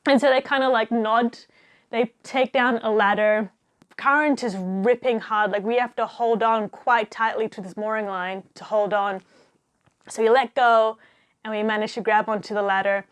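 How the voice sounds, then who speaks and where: Animated young woman telling stories. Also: a little high, moderate pace. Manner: animated, laughs often, acts out quotes. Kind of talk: casual storytelling.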